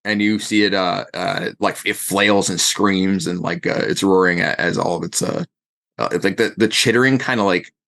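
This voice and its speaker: A man's voice: sits low, moderate pace, gravelly, fairly bright tone. A man running a tabletop game as game master, narrating in a rambling way with many fillers.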